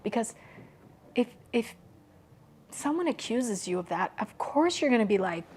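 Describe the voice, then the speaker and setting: A podcast guest, a woman with a slightly high, slightly rough voice, talks about personal matters in a very animated way. Even so, she speaks softly and haltingly, frequently dropping into a hushed near-whisper.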